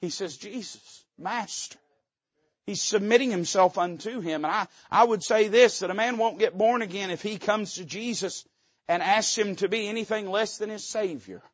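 A man preaching a sermon from the pulpit, folksy and fervent, swinging between loud rises and quiet dips. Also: high voice, normal speed, no echo, highs cut off. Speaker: pastor. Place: church sanctuary.

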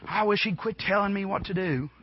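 A man's voice: high-pitched, brisk, slight background noise, voice pushed up, natural voice. A man voicing a rebellious young prodigal son who grumbles about his father and later pleads to go home, heard in a dull lo-fi recording. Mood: sulky. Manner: sulky complaining, then pleading.

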